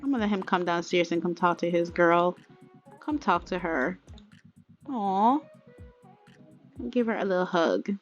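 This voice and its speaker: A woman's voice: lowish voice, animated, a little slow, long pauses, muffled recording. A woman hosting a game let's play, narrating in a chatty, dramatic way straight to her viewers. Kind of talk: casual game commentary. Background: faint music.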